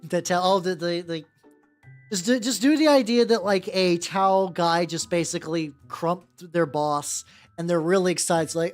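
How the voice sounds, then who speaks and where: A woman with a gentle, relaxing voice chats casually at a desk mic while painting miniatures on stream. She rambles, restarts her sentences and swears offhandedly. Her pitch sits low for a woman, and faint background music plays underneath. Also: fairly quick. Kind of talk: casual chat.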